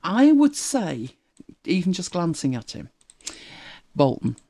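A streamer with a softened northern English accent reacts to videos and chats casually with viewers, frequently laughing and musing aloud. Their medium-pitched voice swings widely in pitch and keeps a measured pace.

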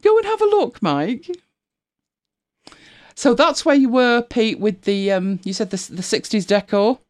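A middle-aged woman chats freely with viewers on a casual live stream, her expressive pitch rising and dipping widely at a measured pace. She laughs a lot and greets people by name while searching for pictures.

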